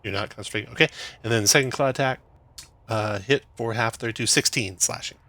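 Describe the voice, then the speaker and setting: A young man runs a tabletop game as its dungeon master. His voice sits in the middle range but rings bright and forward. He calls hits and damage briskly, chuckling now and then. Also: medium pitch. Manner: brisk rules-calling with chuckles.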